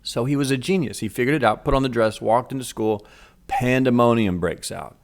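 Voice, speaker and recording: A middle-aged man telling a story from his school days in a casual, animated way. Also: medium pitch, fairly quick. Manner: animated, acts out voices in quotes. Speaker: vlogger telling a childhood story.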